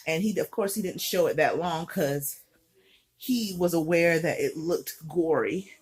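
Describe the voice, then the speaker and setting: A woman's voice: deep voice, measured pace, a little mellow, husky. A heavily pregnant young woman, out of breath, telling a personal story in a chatty, candid way full of fillers. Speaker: vlogger.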